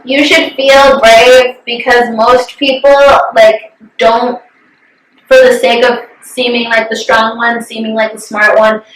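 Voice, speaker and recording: A woman's voice: fairly high pitch, level tone, a little slow, roomy sound, far from the mic, poor audio. A young woman co-hosting a podcast, chatting candidly, swearing freely and acting out what others said. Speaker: podcast co-host. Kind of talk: casual chat.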